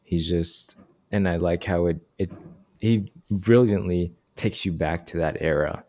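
A man's voice: low-pitched, unhurried, a little mellow. A young man chatting casually about books in an easygoing, hesitant way, with many fillers. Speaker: podcast co-host.

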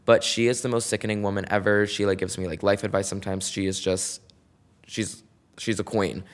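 A podcast host tells a story solo, chatty and dramatic, loaded with slang and "like." He talks fairly quickly in a steady, lowish voice.

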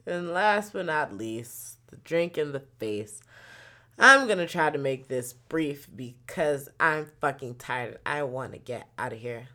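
A young woman telling a story in a casual monologue. She swears a lot and swings between loud outbursts and quiet muttering. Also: a bass voice, animated, slow pace, gravelly.

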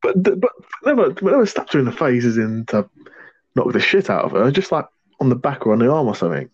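Husky young man, animated. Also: medium pitch, no room sound, highs cut off. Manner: swears a lot, jokey, halting restarts. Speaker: podcast co-host. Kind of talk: casual chat.

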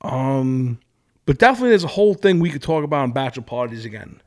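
A man's voice: mid-range voice, sing-song, fast talker, darkish tone. A man, a podcast guest, chatting casually, joking around and rambling with lots of fillers. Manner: joking, rambling, fillers, talks over the host. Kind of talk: casual chat.

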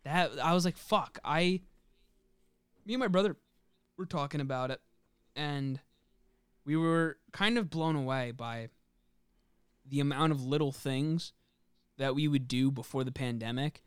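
A man's voice: on the high side, unhurried, pauses often, clear, resonant tone, dry recording, clean studio sound. A young man co-hosting a podcast, chatting casually and joking, swearing freely with lots of fillers. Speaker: podcast co-host. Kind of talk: casual chat.

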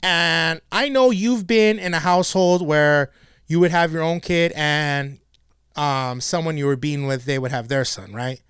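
A man's voice: on the high side, unhurried, clear, resonant tone, no echo, clean studio sound. A man hosting a casual, profane podcast chat, retelling a story and acting out the quoted people. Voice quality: animated, acts out quoted voices. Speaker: podcast host.

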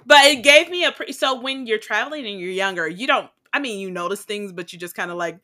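A woman's voice: mid-range voice, lively intonation, fairly quick, pushed and bright. A woman co-hosting a podcast in casual chat, blunt and profane, often laughing and going off on tangents. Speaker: podcast co-host.

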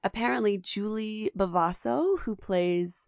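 A woman's voice: mid-range voice, unhurried, vocal fry, a little mellow, dry recording. A woman co-hosting a podcast, chatting enthusiastically about a film with lots of restarts. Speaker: podcast co-host. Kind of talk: casual film discussion.

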